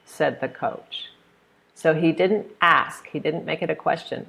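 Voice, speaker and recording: Slow, gravelly-voiced American woman teacher. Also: low voice, lively intonation, fairly bright tone. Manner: patient, demonstrates intonation by example. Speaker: English pronunciation teacher. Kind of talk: live online lesson. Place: hot room.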